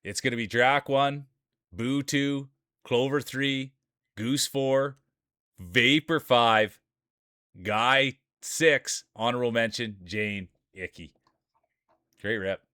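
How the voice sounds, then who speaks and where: A man from Canada hosting a live stream, chatty and excitable, laughing often and calling people "dude". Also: medium pitch, takes it slowly, long pauses, smooth, dry recording, clean studio sound. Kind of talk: casual live-stream commentary.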